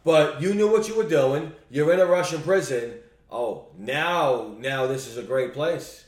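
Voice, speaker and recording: A man's voice: fairly high pitch, a little slow, a little mellow, echoey room, far from the mic. A man co-hosting a podcast, ranting bluntly in casual chat and swearing freely. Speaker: podcast co-host.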